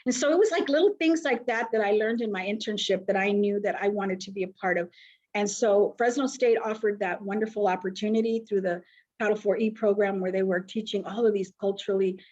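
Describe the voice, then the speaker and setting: A woman's voice: medium pitch, fairly quick, lo-fi sound. A middle-aged woman, a social worker telling stories in an interview and acting out the people she quotes. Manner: animated storyteller, acts out quoted voices. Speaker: foster agency founder and social worker. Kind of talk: storytelling interview.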